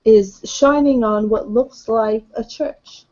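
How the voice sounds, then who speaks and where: A woman's voice: a little high, takes it slowly, warm tone, dull audio. A woman narrating a tabletop game as game master, describing the scene matter-of-factly.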